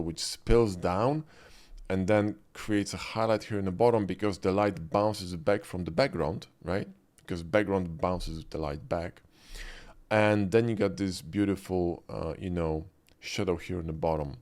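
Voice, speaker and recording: A man with a deep, low voice walks through a 3D lighting lesson. He talks loosely and conversationally, often checking in with the viewer as he demonstrates. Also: darkish tone. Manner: conversational, frequent "right?" and "okay?" check-ins. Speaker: 3D art instructor. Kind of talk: screen-recorded software tutorial.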